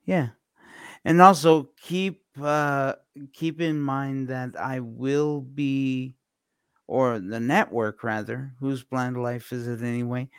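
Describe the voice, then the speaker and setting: A man co-hosting a casual podcast, talking with many fillers and pauses. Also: mid-range voice, clean tone, no echo, clean studio sound. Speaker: podcast co-host.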